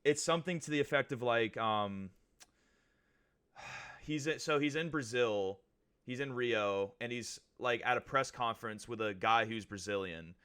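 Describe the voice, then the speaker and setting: A man's voice: medium pitch, unhurried, fairly bright tone, smooth. A man co-hosting a podcast in casual chat, rambling and hedging with lots of fillers. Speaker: podcast co-host.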